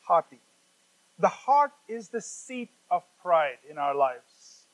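Male preacher, high voice, teaching sermon, slow emphatic scripture reading, a few fillers. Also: very animated, low-quality recording. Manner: slows down and reads scripture aloud with emphasis; explanatory, with occasional fillers.

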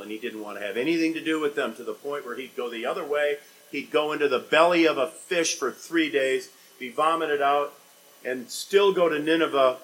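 A man preaching a sermon as a pastor, asking rhetorical questions and swinging between loud emphatic lines and quiet, low ones. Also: a little hiss or hum, rough recording. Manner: dynamic preaching with sharp swings in loudness and pitch, rhetorical questions.

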